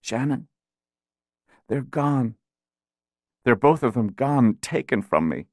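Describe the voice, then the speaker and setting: Frail, tender dying mother, soft-spoken, dry close sound, read by a man. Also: medium pitch, lively intonation, slow, no room sound, pitched above the performer's own voice. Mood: grieving. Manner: soft, weak, apologetic.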